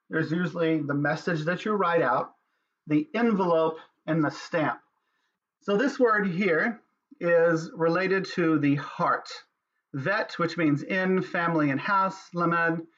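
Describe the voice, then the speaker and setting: A man giving a spiritual teaching talk in an earnest, measured way, with pauses and fillers. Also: on the high side, a bit bright, a little hiss or hum. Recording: dull lo-fi sound.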